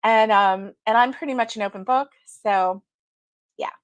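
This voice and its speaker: A woman hosts a relaxed live stream, chatting with her viewers, calling them by name and laughing often. Her voice sits a bit high, and the sound is dry and close, with no room echo. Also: normal speed. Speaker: livestream host. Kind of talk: casual live chat with viewers.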